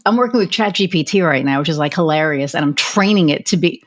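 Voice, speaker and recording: A woman's voice: low-pitched, expressive, quick pace. A woman hosting a podcast, talking casually with lots of fillers and a chatty manner. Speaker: podcast host.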